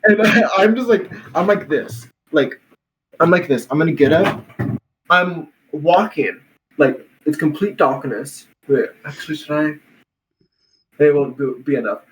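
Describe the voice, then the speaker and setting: A young man spins a casual story on a podcast, his voice sitting a little high for a man. He rambles, circles back and restarts often, laughing as he goes. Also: animated, unhurried, a bit bright, slight background noise, rough recording. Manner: rambling, full of "like" and restarts, laughs while telling. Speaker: podcast host.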